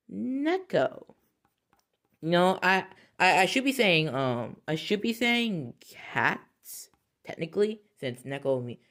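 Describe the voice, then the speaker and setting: Talking casually to the camera, a woman vlogger rambles, corrects herself, and laughs a lot with her viewers. She has a lowish, slightly bright voice.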